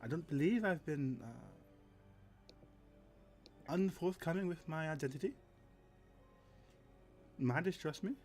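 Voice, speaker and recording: A man voicing a smooth, evasive man who deflects questions about his shifting accents, speaking calmly and soothingly. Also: fairly high pitch, moderate pace, soft background music, voice pushed up, natural voice. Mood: smooth, reassuring.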